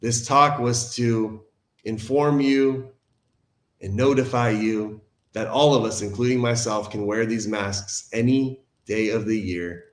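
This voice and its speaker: A man's voice: on the low side, fairly even intonation, slow. A man giving a casual online talk for a recovery group, earnest and informal, calling his listeners "guys" and "man". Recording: echoey room.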